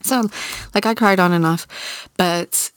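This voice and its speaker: A woman's voice: fairly low pitch, unhurried, clean tone, no echo. A woman in her thirties casually telling a candid personal story as a podcast host, chatty with lots of fillers and some swearing.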